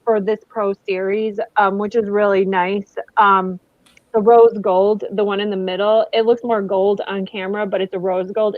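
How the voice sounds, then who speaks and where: A woman with a medium-pitched voice co-hosts a casual beauty channel product review, recorded muffled and without echo. She's easygoing and agreeable, often chiming in with short replies.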